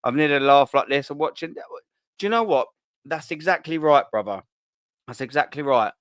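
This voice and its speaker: A man's voice: fairly high pitch, expressive, moderate pace, a bit bright, no room sound. A young man hosting a casual live stream, reading out chat and bantering in a laddish, sweary way with frequent laughs.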